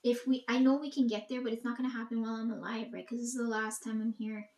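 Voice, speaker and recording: A woman's voice: a little high, fairly even intonation, quick pace, darkish tone, reverberant. A young woman rambling to her audience in a casual monologue, swearing often and talking emphatically.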